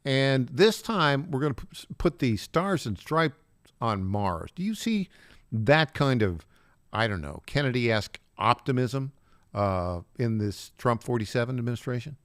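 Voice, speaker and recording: A man's voice: mid-range voice, big pitch swings, measured pace, fairly bright tone, dry recording, clean studio sound. A man co-hosting a talk radio show, laughing along and asking leading questions.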